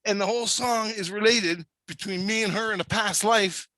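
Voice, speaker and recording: A high-pitched man rambles through a story with constant swearing. His voice is bright and edgy, and it sounds close and dry over a video call. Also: normal speed, dry recording. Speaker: storyteller in a conversation. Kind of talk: casual profane storytelling.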